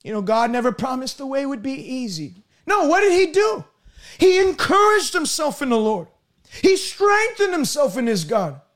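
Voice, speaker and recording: High-voiced man preaching a fervent sermon. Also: big pitch swings, normal speed. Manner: fervent preaching, repeats words, bursts of shouting. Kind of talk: broadcast sermon.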